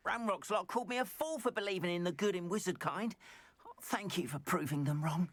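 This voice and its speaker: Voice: medium pitch, brisk, no room sound. An actor voicing a grateful male goblin merchant and painter, effusive and earnest. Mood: grateful, eager. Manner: effusive, earnest, lively swoops.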